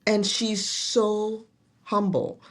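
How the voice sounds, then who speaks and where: A woman's voice: medium pitch, level tone, drawn-out words. A middle-aged woman, a guest in a casual interview, telling her story earnestly with many restarts. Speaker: guest, nurse executive.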